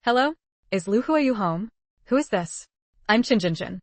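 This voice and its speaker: A woman's voice: a little high, lively intonation, a little slow, dry recording. A panicked, pampered young woman pushes urgently for answers, a woman narrator reading her. Dry and close. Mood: anxious. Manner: urgent, pleading.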